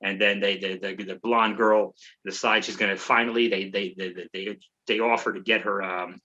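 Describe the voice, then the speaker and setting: A man's voice: on the low side, fairly even intonation, moderate pace, sharp tone, lo-fi sound. A man recapping a movie for laughs on a podcast, rambling and profane, tripping over his words and joking at his own expense. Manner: rambling, profane, self-mocking storytelling with stumbling restarts. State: out of breath. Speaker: comedy podcast host.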